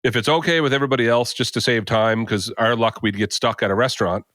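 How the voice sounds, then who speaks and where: A man's voice: mid-range voice, steady tone, fast, fairly bright tone, no echo, studio quality. A man hosting a podcast, telling a story in a rambling casual way full of fillers and asides. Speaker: podcast host.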